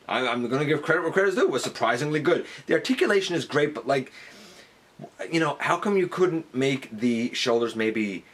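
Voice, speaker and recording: A man giving a casual product review, talking it through conversationally and jumping up in pitch on the words he stresses. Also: a bit bright. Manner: conversational, weighing pros and cons, pitch jumping up on emphasis. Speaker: toy reviewer.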